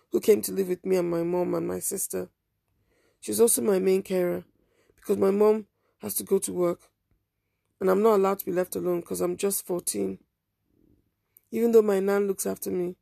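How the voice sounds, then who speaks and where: A woman narrating a first-person story in a quiet, subdued, measured way. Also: medium pitch, vocal fry, no room sound, clean studio sound.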